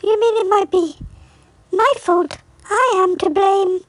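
A very high, piping little alien, gentle and earnest, with a plaintive lilt in a comedy audio sketch. Her voice sounds distant from the mic and bounces around an echoey space. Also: takes it slowly. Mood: sad. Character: small, gentle alien creature, anxious and sad.

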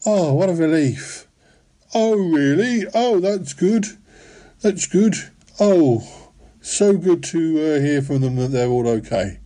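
A man's voice: a little high, animated, slow pace, dark tone. A man hosting a comedy radio-style show, fretful and dithering, full of ums and little chuckles. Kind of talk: comic radio-style monologue.

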